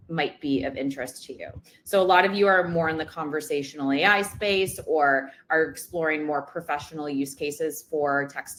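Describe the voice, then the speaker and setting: A woman's voice: low-pitched, fairly bright tone. A woman presenting a product demo webinar in a casual way, with many ums and uhs.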